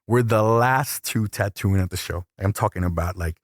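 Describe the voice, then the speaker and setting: A man's voice: on the low side, normal speed, dry recording, clean studio sound. A man who is a tattoo artist, talking casually and animatedly in slang as he tells a story in an interview. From El Salvador. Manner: slangy, animated, acts out voices in quotes.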